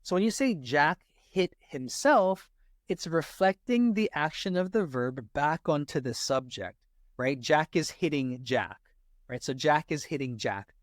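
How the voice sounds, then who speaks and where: A man teaching grammar for a test in a casual lesson, checking in with "right?" after almost every point and slowing down to stress example sentences. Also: fairly high pitch, animated, no room sound, clean studio sound. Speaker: SAT tutor.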